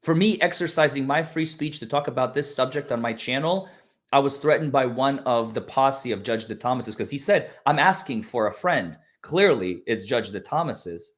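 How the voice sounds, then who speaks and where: A man's voice: mid-range voice, animated, normal speed. A man, a lawyer appearing as a guest on a livestream, talking earnestly and rambling with many restarts. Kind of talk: casual livestream chat.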